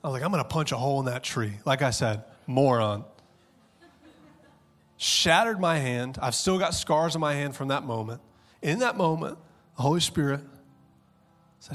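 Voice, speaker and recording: A male pastor in his thirties delivers a heartfelt sermon. His voice sits a little high and swings from quiet, intimate moments to loud, urgent peaks. Faint music plays beneath him. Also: moderate pace, pauses often. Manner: passionate preaching, swings from hushed to loud.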